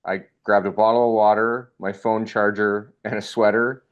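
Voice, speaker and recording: A young man telling a funny personal story in a casual, animated way, acting out the voices of the people in it. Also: fairly low pitch, normal speed, clean tone, lo-fi sound. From Canada.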